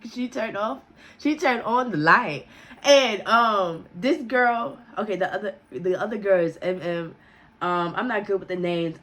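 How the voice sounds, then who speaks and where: A young woman vlogger telling a casual story, full of cussing and quick to laugh. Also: mid-range voice. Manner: profane, animated, breaks into laughter.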